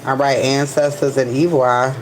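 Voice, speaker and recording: A woman's voice: very deep voice, flat delivery, a little mellow, a little hiss or hum, rough recording. A woman giving a casual tarot reading to camera. She peppers her talk with "all right" and stretches out single keywords as she turns cards. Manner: repeats "all right" constantly, drawn-out card keywords. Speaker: tarot card reader.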